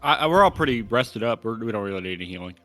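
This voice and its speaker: A man playing in a tabletop game, tossing off quick, offhand asides. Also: fairly low pitch, lively intonation, fairly bright tone, no echo, faint music behind. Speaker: player. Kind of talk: casual tabletop game chat.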